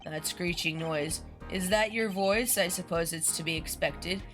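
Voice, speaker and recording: Woman doing a calm, polished senior lawyer. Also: fairly low pitch, a little slow, faint music behind. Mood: composed. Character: smooth, composed male senior defense attorney.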